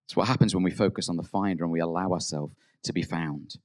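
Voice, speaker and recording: A man preaching a sermon in an earnest way. He rises to emphatic peaks, then drops soft, and acts out quoted prayers. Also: low voice, fast.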